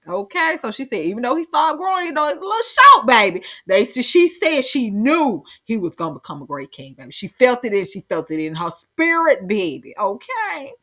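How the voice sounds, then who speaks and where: A woman reading a legend aloud and breaking off into slangy, joking commentary. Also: mid-range voice. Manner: slangy, animated asides, keeps saying baby. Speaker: channel host.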